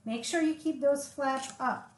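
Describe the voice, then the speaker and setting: A woman with a French accent, French her first language, giving a live craft tutorial, talking slowly and chatting as she works. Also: high-pitched. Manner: slow, chatty, thinking aloud as she works. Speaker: papercraft instructor. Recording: echoey room with faint noise.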